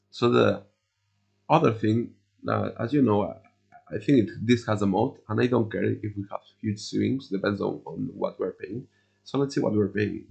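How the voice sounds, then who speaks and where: Gravelly man with a fading voice. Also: fairly low pitch, a little mellow, dull audio. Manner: halting, many fillers and restarts, conversational. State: losing his voice. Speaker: investing video host. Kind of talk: casual explanatory talk over charts.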